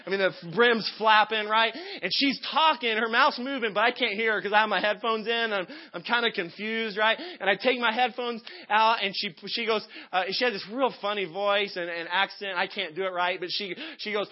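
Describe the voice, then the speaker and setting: A man giving a sermon as a guest pastor, telling stories with energy and shouting his excited quotes. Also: very high-pitched, a little fast, highs cut off. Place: church service.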